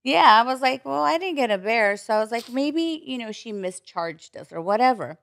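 A woman's voice: a little high, expressive, normal speed, vocal fry, hardly any pauses, a bit bright, dry recording, clean studio sound. A woman guest on a podcast, telling a personal story candidly, acting out the voices she quotes and swearing freely.

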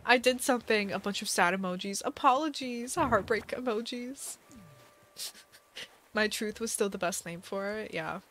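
A woman's voice: mid-range voice, unhurried, fairly bright tone, slight background noise. A young woman streamer chatting casually to her live chat, laughing often and filling her talk with "like". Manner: giggly, chatty, lots of "like" fillers.

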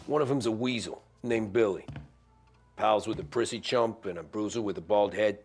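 An actor playing a soft-hearted young gangster sidekick in a video game, speaking calmly and dryly. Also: male voice, on the low side, normal speed.

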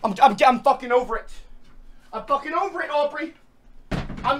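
Male streamer, rant mode: exasperated, stammering, profane, pitch swinging wide. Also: lively intonation, moderate pace, background noise. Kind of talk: angry livestream rant.

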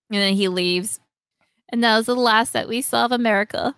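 A young woman hosting a podcast, animatedly retelling a story, acting out lines in quick voices and laughing often. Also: fairly high pitch, a bit bright, clean tone, no echo. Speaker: podcast host. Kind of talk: casual chat retelling a story.

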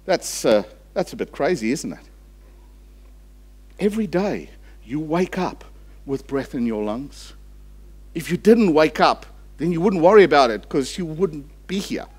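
A male pastor preaching a church sermon with a high-pitched voice. He swings between rising, emphatic declarations and hushed, slowed passages. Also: expressive, husky. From Australia. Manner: impassioned preaching, rising for emphasis then dropping low and slow.

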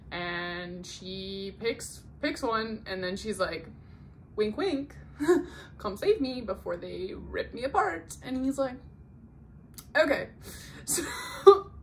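A woman's voice: a little high, fairly bright tone. A woman talks through her recent reads in a loose, casual chat. She peppers her sentences with "like" and breaks into laughter as she recounts what happens in each book. A faint hiss sits under her voice. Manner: chatty, many "like" fillers, laughs while retelling plots. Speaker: book vlogger.

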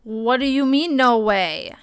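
A young woman talks to her stream audience in a relaxed, drawn-out way, teasing herself as she works things out aloud. Her voice is smooth and clean. The close mic gives a dry sound with no room in it. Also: fairly high pitch, dry recording. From Canada. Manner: chatty and self-mocking, thinking aloud. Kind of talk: casual live-stream chat.

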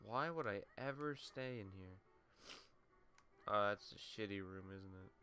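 A man's voice: fairly low pitch, a little slow, sharp tone. A young man casually commentating his video game play, swearing and mocking himself as he goes, with a runny nose. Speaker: let's play gamer.

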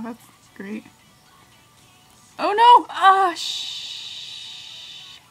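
A woman's voice: fairly high pitch, low-quality recording. A woman doing let's play commentary, yelping and squealing as she reacts to the game. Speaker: gamer.

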